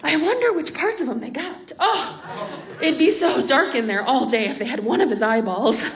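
A woman voicing her blunt, scheming grandmother in her late seventies, said in a flat, matter-of-fact way. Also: sits high, normal speed, a crowd in the background. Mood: deadpan. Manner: matter-of-fact, deadpan delivery. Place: live storytelling stage with audience. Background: audience laughter.

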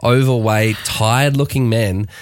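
A man's voice: mid-range voice, steady tone, unhurried. An Australian man in his forties co-hosting a podcast, chatting casually and joking at his own expense with frequent laughs. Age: 40s. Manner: joking, self-mocking, laughs often. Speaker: podcast co-host. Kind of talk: casual chat.

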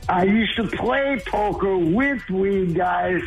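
A man's voice: high-pitched, animated, takes it slowly, creaky, faint music behind. A man calling in as a regular on a talk radio show, earnest and worked up, laughing often. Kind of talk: casual call-in chat. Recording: dull lo-fi phone line.

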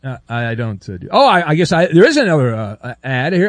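A man's voice: on the high side, wildly swooping pitch, fairly quick, no room sound. A man hosting a sports talk show, rambling casually and mocking players with sarcastic outbursts. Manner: rambling, sarcastic, mocks with shouted bursts.

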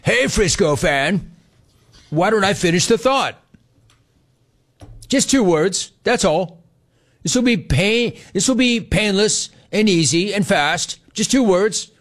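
A man reading a scripted commercial in an urgent hard-sell pitch. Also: lively intonation, slow, long pauses. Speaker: ad announcer.

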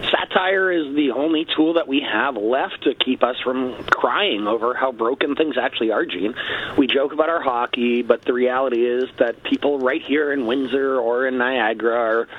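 A man's voice: mid-range voice, moderate pace, phone-quality sound, a little hiss or hum. A man, a guest on a satirical talk radio show, rambling and leaning on stock phrases.

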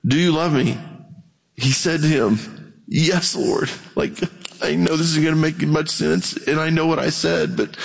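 A man's voice: fairly high pitch, unhurried, vocal fry, big-room sound. A man preaching a conversational sermon as pastor, telling stories and acting out the voices he quotes. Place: church.

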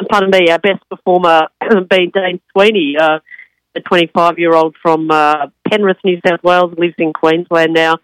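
Croaky, hoarse woman with a cold. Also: fairly low pitch, dry recording, low-quality recording. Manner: halting, many ums and uhs, coughing. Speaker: tennis commentator guest. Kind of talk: radio interview.

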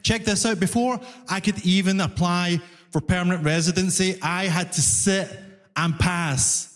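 Glasgow comic, high-pitched, animated self-mocking stand-up, reverberant stage sound. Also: male voice, measured pace. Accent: Scottish, Glasgow. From Scotland. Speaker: stand-up comedian. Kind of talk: stand-up comedy set. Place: comedy club stage with audience. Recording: live stage with long reverb.

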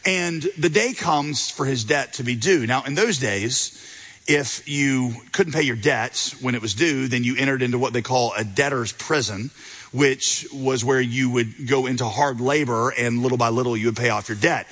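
Husky storytelling preacher man. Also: moderate pace, fairly bright tone, poor audio. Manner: storytelling preacher, voices quotes with big pitch swings. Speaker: pastor. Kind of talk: sermon.

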